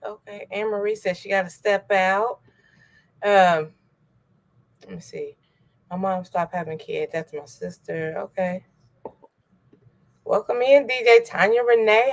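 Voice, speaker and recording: A woman hosting a casual livestream, reading out viewer comments and greeting people in a relaxed, easygoing way. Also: lowish voice. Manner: relaxed, reads viewer comments aloud, chuckles. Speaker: livestream host.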